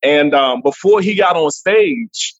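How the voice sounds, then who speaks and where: A man guest on a remote interview, telling animated stories with frequent laughs and restarts. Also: a little high, slow pace, dry recording, lo-fi sound. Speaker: guest comedian. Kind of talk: casual interview chat. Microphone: remote call.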